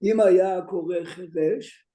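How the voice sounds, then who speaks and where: A man, a rabbi, giving a Talmud study lecture to students. He reads texts out rapidly, then stops to explain them and urges his students to listen. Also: high-pitched, steady tone, dark tone. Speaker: rabbi teaching a class. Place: classroom with students. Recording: roomy echo.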